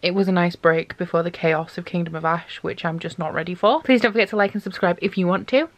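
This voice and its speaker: A woman's voice: on the low side, steady tone, fast talker. A young woman chatting casually in a book diary, gushing about what she reads and saying "like" a lot. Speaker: book vlogger.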